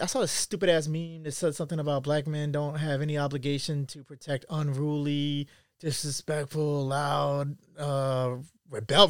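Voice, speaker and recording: A young man talks straight into a close mic in a dry, deadened space, his voice sitting a little high for a man. He rants through a profane commentary monologue, jumping from loud outbursts down to low mutters. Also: smooth, no room sound.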